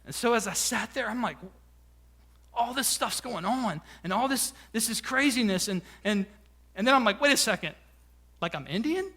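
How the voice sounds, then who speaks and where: A young male pastor, preaching a sermon and telling a personal story in an animated, filler-heavy way, closing in a softer, earnest voice. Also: extremely high pitch, normal speed, creaky. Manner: animated storytelling, many fillers, quiet emphatic close. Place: church sanctuary.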